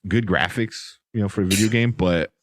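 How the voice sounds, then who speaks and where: Low-voiced man in rambling movie chat. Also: brisk, slight background noise. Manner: rambling, filler-heavy, enthusiastic. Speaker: podcast host. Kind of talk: casual movie review chat.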